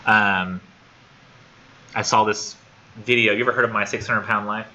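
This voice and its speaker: A man's voice: fairly low pitch, fairly even intonation, normal speed, pushed and bright. A man teaching a college literature class, talking casually and thinking aloud, often repeating words as he goes. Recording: dull lo-fi classroom recording with faint noise.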